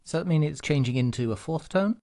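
A man's voice: on the high side, expressive, fairly quick, warm tone. A man acting as the student, repeating syllables after the teacher and adding dry joking remarks. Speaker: learner.

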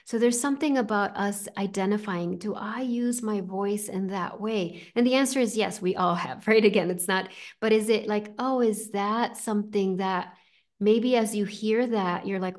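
A woman hosting a guided spiritual talk over a video call, speaking gently and reflectively with frequent "right?" and "like". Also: mid-range voice, normal speed. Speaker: host and spiritual teacher.

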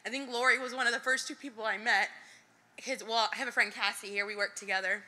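A woman's voice: a little high, fairly even intonation, fast, sharp tone. A young woman nervously sharing a personal testimony before a church congregation, giggling and using lots of fillers. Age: young adult.

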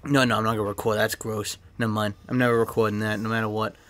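A young man chatting casually while opening card packs in a video game, excitable and swearing freely, with a cough and an irritated throat. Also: lowish voice, quick pace. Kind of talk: casual pack-opening commentary. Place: his bedroom.

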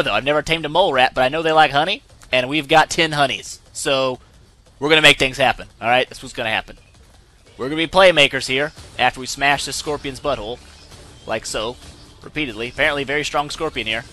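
A young man hosting a gaming channel, giving excitable let's-play commentary and yelping when things go wrong. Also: mid-range voice, dry recording. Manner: excitable, yelps and laughs when in trouble.

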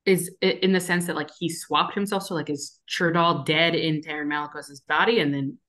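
Female player, very low voice, loose and lively. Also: normal speed. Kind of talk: casual play with in-character speech.

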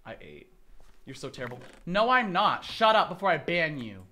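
High, animated young male streamer. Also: normal speed. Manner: excitable, dramatic reactions and playful teasing of chat. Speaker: game streamer. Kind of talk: casual gaming stream chatter.

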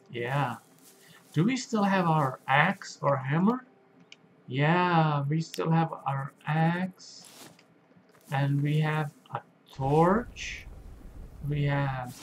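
Male game narrator for children; slow, patient, slightly high voice. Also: a little hiss or hum, low-quality recording. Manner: slow, simple and questioning, talks to young viewers. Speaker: game streamer for kids. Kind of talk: gentle gameplay narration for children.

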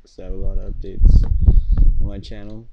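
A man's voice: deep voice, monotone, fairly quick, highs cut off, heavy background noise. A young man casually commenting on his own gameplay, rambling and answering himself. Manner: rambling, chatty, talks back to himself. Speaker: gaming YouTuber.

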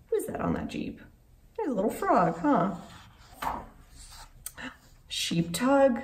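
With a high voice, a slow pace, and long pauses, a woman who works as a children's librarian reads a picture book to little ones. She gasps a lot, exclaims, and keeps asking the children questions. Faint background noise and room echo come through a distant mic.

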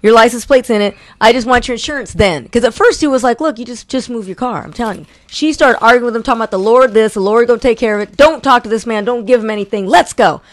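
Brief: woman co-host, high voice, animated storyteller, dry sound. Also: fast talker, few pauses, dry recording. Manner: animated, acts out quotes. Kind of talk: casual storytelling chat.

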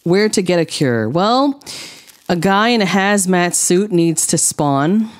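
A woman streaming a game, chatting to her viewers with rambling, deadpan jokes. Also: on the low side, takes it slowly. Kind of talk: casual gameplay commentary.

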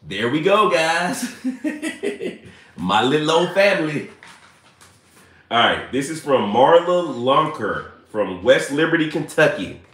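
A man's voice: on the high side, very animated, slow, a bit bright, reverberant. A man hosting a casual live stream from home, chatty, laughing often and reading messages aloud.

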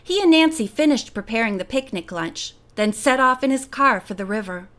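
A woman narrating a mystery novel as an audiobook, telling the story in an expressive, lively way. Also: a little high, normal speed.

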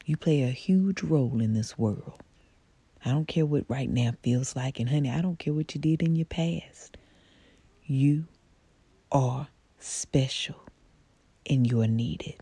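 Soft-spoken woman with a husky, gravelly voice. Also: very deep voice, a little slow, no echo. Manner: soft-spoken, intimate, gentle and affectionate, often drops to a whisper; folksy Southern phrasing, calls the listener honey and baby. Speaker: social media personality. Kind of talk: motivational talk to camera.

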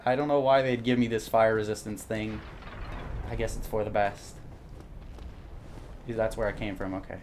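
A man's voice: on the low side, steady tone, normal speed, long pauses, darkish tone, slight background noise. A young man commenting on his own gameplay as he plays, jumpy and panicky, often repeating words in bursts. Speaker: gaming YouTuber.

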